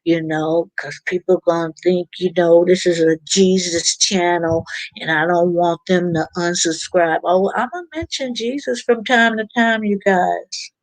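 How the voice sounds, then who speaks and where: A woman's voice: fairly low pitch, fairly even intonation, measured pace, no room sound. A woman hosting a casual live stream, chatting informally and reading out viewer comments. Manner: chatty, informal, preachy about faith.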